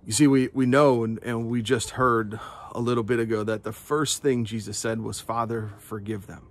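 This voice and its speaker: A man's voice: mid-range voice, steady tone. A male pastor giving an earnest devotional talk, often repeating his words as he goes. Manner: earnest and unhurried, with frequent word repeats.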